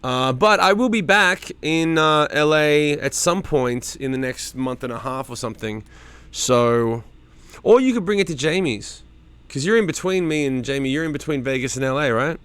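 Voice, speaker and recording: Hosting a loose stream from home, a middle-aged man reads his chat aloud, names viewers and swears often. His voice is fairly high, slightly bright and smooth, with lively intonation at a normal pace.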